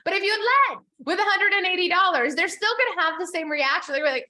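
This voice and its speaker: A woman coaching business owners in a live session, chatty and animated, acting out the people she quotes. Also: very high-pitched, racing, hardly any pauses, reverberant.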